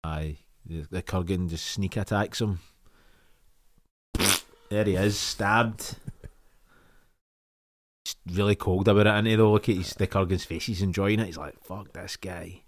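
A man's voice: sits low, steady tone, measured pace, long pauses. A Scottish man giving casual movie commentary on a podcast, laughing often and swearing freely. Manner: laughing, profane, enthusiastic. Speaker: podcast co-host.

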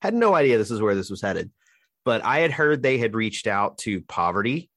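A man from Alabama hosting a casual podcast chat in a relaxed, chatty way. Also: lowish voice, normal speed. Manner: relaxed, chatty, plugs the show. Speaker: podcast host.

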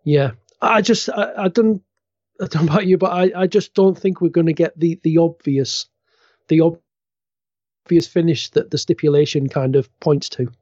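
A man's voice: on the high side, normal speed, darkish tone, dry recording, lo-fi sound. A man co-hosting a wrestling podcast, chatting with stumbling restarts and laughing at his own jokes. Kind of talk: casual chat.

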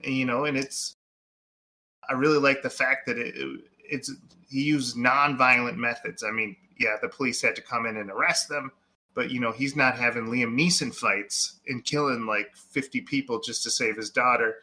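A man co-hosting a relaxed movie podcast, talking in loose, rambling sentences full of fillers. His voice is bright and of middle pitch. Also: normal speed. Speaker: podcast co-host. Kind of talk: casual movie chat.

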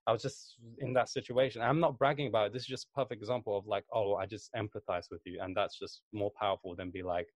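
Young man, low voice, dry close sound, rambling casual storyteller. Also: steady tone, quick pace, few pauses, dry recording. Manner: rambling storyteller, lots of fillers and restarts. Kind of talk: casual chat.

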